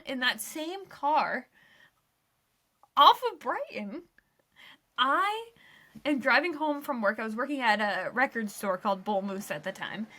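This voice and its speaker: A high-pitched woman telling a story on a podcast in a chatty, animated way. Her voice is bright and forward, and she keeps slipping casual fillers between her phrases. She sounds like easy, relaxed talk between friends. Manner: animated, chatty, heavy use of "like". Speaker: podcast co-host.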